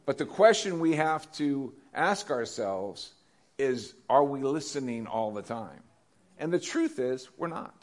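A man's voice: medium pitch, lively intonation, unhurried. A male pastor preaching a conversational sermon, often repeating questions to the congregation.

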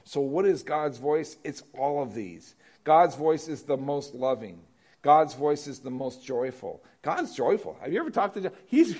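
A man's voice: a little high, sing-song, normal speed, darkish tone, breathy edge. Male pastor giving a sermon, conversational, keeps checking in with the congregation. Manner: conversational preaching with questions to the congregation.

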